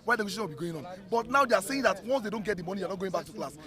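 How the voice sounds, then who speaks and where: A man's voice: sits high, expressive, very fast, sharp tone. A man with a Nigerian accent leading a student protest, pressing an official with repeated, emphatic demands outdoors. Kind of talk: heated protest confrontation. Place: outdoors at a ministry among a crowd.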